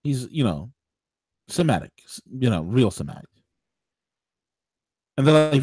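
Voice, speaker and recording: A man hosting a political talk radio show, ranting in an animated way, with mock voices and laughter. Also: mid-range voice, unhurried, long pauses, breathy edge.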